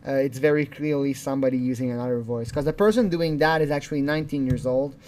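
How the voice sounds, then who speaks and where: A man's voice: mid-range voice, fast talker, a little mellow, slight background noise. Chuckling man giving rambling commentary. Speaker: channel host. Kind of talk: casual video commentary.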